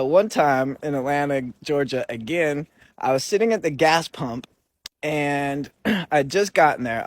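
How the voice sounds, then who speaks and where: A man telling a personal story in a loose, conversational way, with lots of filler words. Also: fairly high pitch. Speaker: recovery vlogger.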